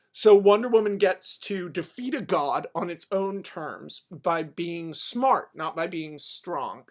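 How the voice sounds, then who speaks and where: A podcast host pitching a story idea in a comedic, rambling way, profane and animated.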